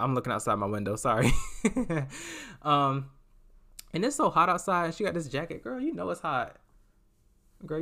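A man telling a story to his viewers in a casual vlog, animated and chatty, laughing often and calling the listener "girl". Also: medium pitch.

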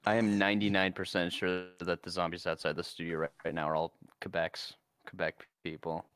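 A man's voice: low-pitched, little pitch movement, a little fast, a bit bright, clean tone, no room sound, studio quality. A young man co-hosting a podcast, chatting casually and joking playfully. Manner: playful, jokey banter. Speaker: podcast co-host. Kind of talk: casual chat.

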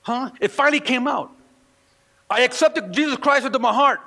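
A man delivers a church sermon as an animated storyteller, acting out the people in his stories. His voice sits high and bright with a gravelly edge. The recording carries the long reverb of a large hall. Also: normal speed. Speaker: pastor.

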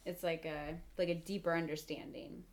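A woman with a lowish voice chats as a comedian guest on a podcast. She talks in an earnest, meandering way, restarting as she works out her point. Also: fairly even intonation, normal speed, crowd noise. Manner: rambling, earnest, searching for words. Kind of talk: casual chat.

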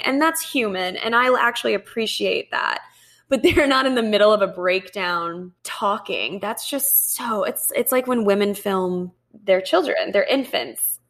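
A young woman co-hosting a relaxed podcast chat. She gives firm opinions and often repeats a word as she starts a thought. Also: on the high side. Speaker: podcast co-host. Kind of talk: casual chat.

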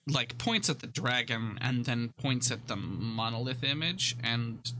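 A man running a tabletop game as game master, describing a character's actions in a relaxed way with many fillers. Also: mid-range voice, measured pace, a little hiss or hum, rough recording.

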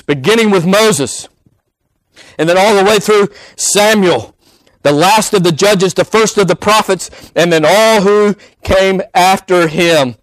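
A man's voice: high voice, dry recording, low-quality recording. A man preaching a sermon, emphatic and repeating key phrases for weight.

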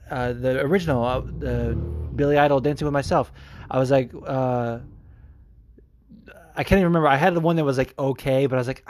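A man's voice: a little high, fairly even intonation, fast. A man hosting a podcast, ranting and swearing emphatically in casual chat. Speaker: podcast host. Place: home room with cats.

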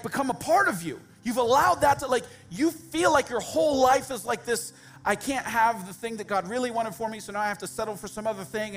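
Brief: male pastor, higher-pitched voice, casual direct sermon delivery with jokes, soft music underneath. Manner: conversational, direct, humorous asides to the congregation.

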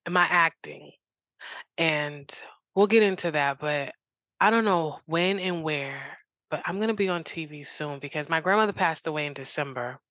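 A woman being interviewed speaks in an eager, rambling way, piling up "like"s and false starts. Her voice sits low and has a bright, tense edge, and the sound is dry and close. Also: no room sound. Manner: eager, rambling storyteller with many "like"s and restarts. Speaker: interview guest. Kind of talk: casual interview chat.

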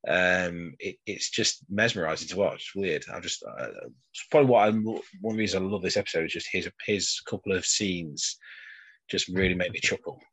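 A man's voice: sits low, normal speed, fairly bright tone, slightly rough. A man in his thirties co-hosting a podcast, rambling casually with lots of hesitation and fillers. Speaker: podcast co-host. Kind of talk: casual chat.

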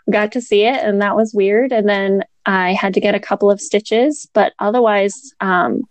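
A woman's voice: mid-range voice, fairly even intonation, moderate pace, dry recording. Young woman chatting away, laughs a lot, says like constantly, dry close sound. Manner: chatty, laughs often, many "like" fillers. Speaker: new mother telling her birth story. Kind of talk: casual storytelling chat.

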